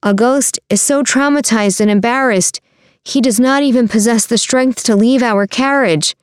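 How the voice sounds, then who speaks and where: A woman's voice: medium pitch, measured pace, a little mellow, clean tone, no room sound, studio quality, natural voice. A woman reading a storybook and voicing a scheming, pompous middle-aged nobleman who puts on fake, wailing grief and gloats. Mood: mock wailing.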